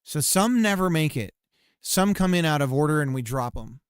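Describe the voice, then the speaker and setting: A man's voice: fairly high pitch, animated, normal speed, clean tone, no room sound, clean studio sound. Playful man musing aloud while coding. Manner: playful, muttering and repeating phrases to himself. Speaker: game developer streaming.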